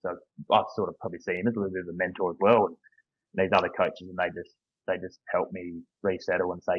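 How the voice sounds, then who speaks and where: A husky Australian man in his thirties with a very deep voice talks candidly and earnestly as an interview guest, often restarting his sentences. The sound is dry and a little dull, like a modest lo-fi recording. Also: little pitch movement, fast talker, no room sound. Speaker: guest, football coach. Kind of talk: casual podcast interview.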